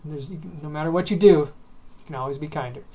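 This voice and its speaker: A man hosting a casual podcast, joking and crude and quick to laugh. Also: on the high side, dark tone. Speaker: podcast host.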